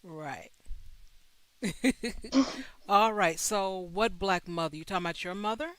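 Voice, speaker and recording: Male advice host, high and smooth voice, blunt and direct delivery, dry close sound. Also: slow, fairly bright tone, dry recording. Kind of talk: livestream advice chat.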